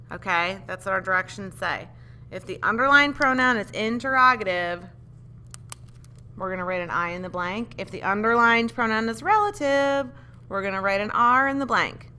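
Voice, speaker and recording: A woman's voice: medium pitch, expressive, moderate pace, pushed and bright. A woman teaching a grammar lesson, patiently explaining step by step and asking the class questions. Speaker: English teacher.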